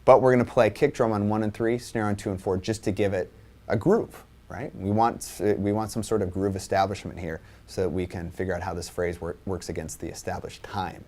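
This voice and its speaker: A man's voice: low-pitched, fairly even intonation, a little fast, a little mellow. A man teaching a drum lesson, explaining accent patterns and counting sixteenth notes aloud in a casual way. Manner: casual, repeats "right?" and restarts. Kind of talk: instructional lesson.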